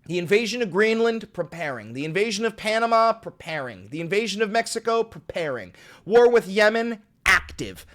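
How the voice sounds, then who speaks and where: A man's voice: high-pitched, fairly bright tone. A man ranting through a sarcastic, profanity-laced political commentary as a video host.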